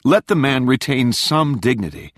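A man's voice: mid-range voice, sing-song, normal speed, a bit bright, husky, dry recording, clean studio sound, pitched above the performer's own voice. A man reading an audiobook, voicing a young woman who angrily confronts her scheming father. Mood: angry, pleading. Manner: urgent, accusing, raised voice. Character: young woman, defiant and furious daughter.

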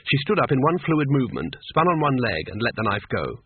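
A man reading a story aloud as narrator in a dry, measured way, with a husky voice. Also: medium pitch, very animated, background noise. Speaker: audiobook reader. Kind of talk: scripted narration. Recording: tinny phone-like sound, dry.

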